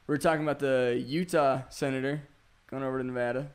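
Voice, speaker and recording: A man's voice: medium pitch, fairly even intonation, fast talker, clear, resonant tone. A man co-hosting a casual chat among friends, joking and laughing into his lines.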